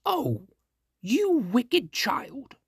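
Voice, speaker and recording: A man's voice: very high-pitched, wildly swooping pitch, very slow, creaky, husky, dry recording, studio quality, voice pushed up, heavily acted. A man voicing a spiteful wicked old female witch in a storybook reading, cackling and scornful. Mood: furious.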